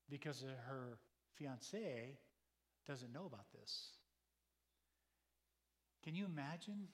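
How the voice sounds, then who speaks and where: A man preaching a sermon, telling stories in a conversational, emphatic way full of rhetorical questions. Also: mid-range voice. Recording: long hall reverb.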